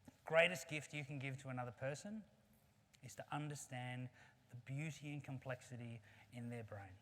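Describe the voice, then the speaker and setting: Brief: earnest keynote speaker, conversational storyteller, long reverb of a big hall. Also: male voice, mid-range voice, normal speed, a bit bright, a little hiss or hum. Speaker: conference speaker.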